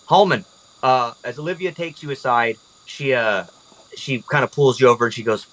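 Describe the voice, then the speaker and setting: Bright-voiced man running a tabletop game. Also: mid-range voice, normal speed, low-quality recording. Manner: casual, laughing, filler-heavy. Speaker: game master.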